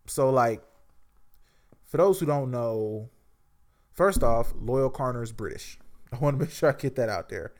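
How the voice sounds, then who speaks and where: Man, casual album review host, rambling, lots of fillers, mid pitch. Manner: rambling, filler-heavy, restarts and asides.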